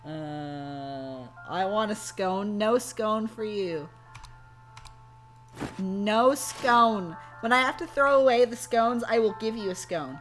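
A woman's voice: medium pitch, slow pace, a bit bright, faint music behind. A woman streamer chatting casually and joking with her audience while playing a game. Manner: joking, banters with chat and cohost. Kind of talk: casual gameplay chat.

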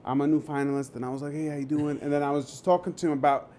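A male actor telling a casual story on a video call, animated and loose, swearing freely and acting out what he said. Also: on the high side, racing, slight background noise. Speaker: actor, guest.

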